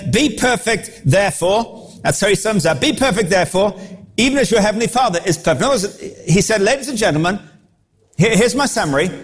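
A man preaching a sermon, acting out the crowd's reactions with animated delivery. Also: high-pitched, breathy edge.

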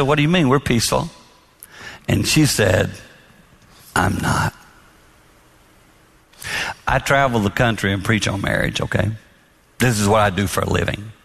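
A middle-aged man preaching a storytelling sermon on marriage, animated, acting out quotes and laughing along. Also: mid-range voice. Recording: long hall reverb.

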